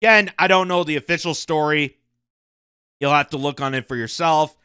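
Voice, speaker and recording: A man hosts his own commentary show, talking in a high voice with a clear, smooth tone. He is animated and mocking as he gives his opinions. The recording is dry and close to the mic. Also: normal speed, dry recording. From Canada. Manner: animated, mocking, laughs between points. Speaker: commentary channel host.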